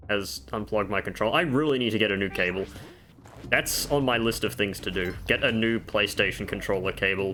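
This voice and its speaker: Gaming creator, male, deeper voice, easygoing commentary with self-deprecating asides over quiet game music. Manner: chatty, explains game tips with offhand self-mocking jokes. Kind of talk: casual gameplay commentary. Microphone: desk microphone.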